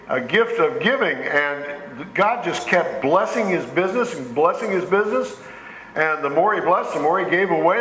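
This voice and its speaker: A man's voice: a little high, a bit bright, reverberant, slight background noise, poor audio. A man preaching a sermon as pastor in a church, telling folksy stories and lifting his voice on the scripture passages. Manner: folksy storytelling with rising emphasis on scripture. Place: church sanctuary.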